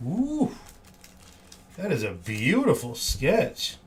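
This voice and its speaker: A man's voice: fairly high pitch, huge pitch swings, slow, a little hiss or hum. A man hosting a live card break stream, reading out each card with upbeat, cheerful exclamations.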